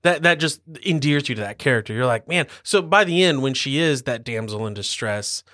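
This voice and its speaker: A man co-hosting a podcast in casual movie chat, excitable and quick to act out favorite lines. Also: no room sound, clean studio sound. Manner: excitable, quotes movie lines with rising pitch. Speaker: podcast co-host.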